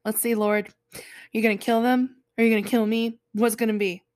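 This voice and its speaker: A woman's voice: on the high side, little pitch movement, brisk, darkish tone, lightly acted. A woman voicing a grown man in a sulky tantrum, whining and petulant as she retells a Bible story. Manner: petulant, whiny. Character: sulking grown man, a whiny prophet in a tantrum.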